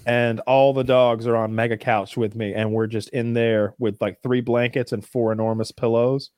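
A man's voice: medium pitch, flat delivery, normal speed, darkish tone, no room sound, clean studio sound. A man chatting casually as a co-host, rambling with many restarts and frequent swearing. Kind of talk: casual chat.

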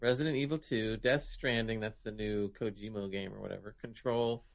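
A man's voice: lowish voice, fairly even intonation, moderate pace, gravelly. Southern-accented man reading nominees. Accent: American Southern. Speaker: host reading award results. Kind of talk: casual gaming chat.

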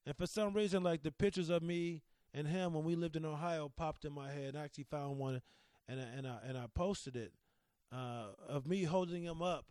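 A man's voice: a little high, normal speed, darkish tone, clean tone, no echo. A man in his thirties hosting a casual solo podcast, talking candidly and emotionally about his son, rambling with restarts and the odd curse into a studio microphone. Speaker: podcast host.

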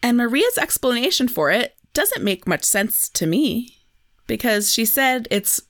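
Wry female podcast co-host, animated intonation, dry studio sound. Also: a little high, unhurried, dry recording. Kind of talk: casual chat recapping a TV episode.

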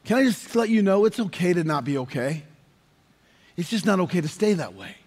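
High-voiced preacher man in a big hall. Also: sing-song, a little fast, husky. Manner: impassioned, building to shouts. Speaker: pastor. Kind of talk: sermon. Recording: long reverb of a large hall.

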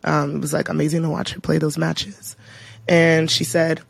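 Woman podcast co-host, gravelly voice, dry close sound, expressive casual chat. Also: low voice, moderate pace, dry recording. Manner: expressive, animated storytelling.

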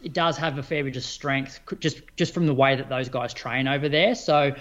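A man's voice: mid-range voice, normal speed, a bit bright, dull audio. A man co-hosting a podcast, giving his opinions in casual chat with plenty of fillers. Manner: opinionated, chatty, many fillers. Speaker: podcast co-host. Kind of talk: casual chat about running.

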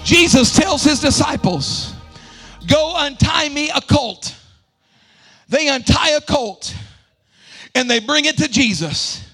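A pastor in his forties preaching a sermon in a church, shouting in a sing-song cadence. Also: very high voice, expressive, slow, long pauses, soft background music. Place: church sanctuary.

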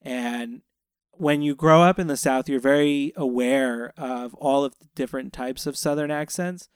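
A man's voice: medium pitch, normal speed, smooth, no echo, clean studio sound. A middle-aged man from the Florida Panhandle, co-hosting a casual film discussion as a parent, talking thoughtfully and circling back with restarts. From Florida Panhandle, US South. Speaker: co-host, parent.

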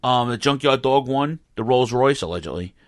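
A podcast co-host talks loosely and ramblingly in casual chat, with many restarts and fillers, on his own mic that he mutes. His mid-range voice has lively intonation and a moderate pace, captured in dry, clean studio sound.

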